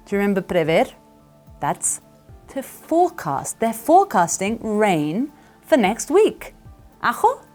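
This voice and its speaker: A woman teaches English to camera at an unhurried pace, her pitch rising and falling a lot as she drills words. She repeats each phrase slowly and praises the listener. Faint music sits underneath.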